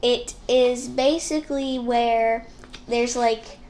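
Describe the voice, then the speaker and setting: A woman's voice: a little high, fairly even intonation, slow, darkish tone. A woman co-hosting a casual family podcast, reading out facts and running the segments with lots of "like" fillers, on a sensitive microphone. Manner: upbeat, reads facts, many "like" fillers. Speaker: podcast co-host. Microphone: sensitive studio microphone.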